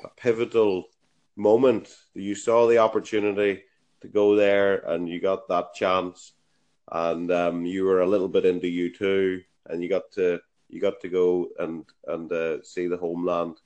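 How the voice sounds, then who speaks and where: A man's voice: deep voice, little pitch movement, a little slow, darkish tone. An Irish man hosting a podcast, asking friendly, encouraging questions. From Ireland. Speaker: podcast host. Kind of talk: casual interview.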